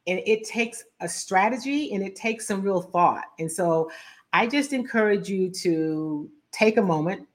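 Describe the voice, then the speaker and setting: A middle-aged woman hosting a talk show, telling a story with lively, animated delivery and acting out both sides of a quarrel. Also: medium pitch, a little slow. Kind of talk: storytelling commentary.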